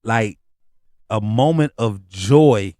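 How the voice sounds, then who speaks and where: Animated, slangy man telling stories. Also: slow, no room sound, studio quality. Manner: animated, slangy storytelling with rising pitch on asides. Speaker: podcast host. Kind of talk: casual comedic monologue.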